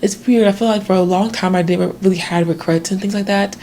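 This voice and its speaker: A woman's voice: medium pitch, steady tone, fast, mellow, a little hiss or hum. A woman in her twenties talking through her worries in a rambling, reflective video diary. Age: 20s. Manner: reflective, rambling, many fillers. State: tearful, crying at times. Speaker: vlogger.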